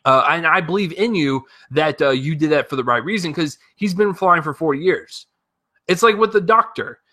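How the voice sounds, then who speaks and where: A man with a bright, forceful, slightly high voice reviews a film off the cuff. He talks in animated bursts, swears freely and rambles through fillers and restarts. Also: normal speed. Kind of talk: casual spoken movie review.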